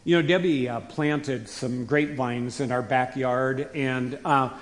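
A man preaching a conversational sermon to his congregation in a folksy way, rising to emphatic bursts and dropping to quiet asides. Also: mid-range voice, steady tone, measured pace. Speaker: pastor. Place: church sanctuary. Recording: long hall reverb.

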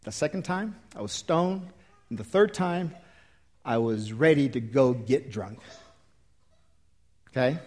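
A man in his fifties preaching a sermon and leading an altar call, emphatic and swinging from loud exhortation to quiet pleading. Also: mid-range voice, expressive, slow, pauses often. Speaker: pastor.

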